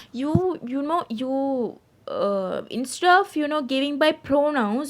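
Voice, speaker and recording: Patient woman teaching a grammar lesson. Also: high voice. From Sri Lanka. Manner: explains patiently, keeps checking with "right?". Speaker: English teacher. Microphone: screen-share voice recording.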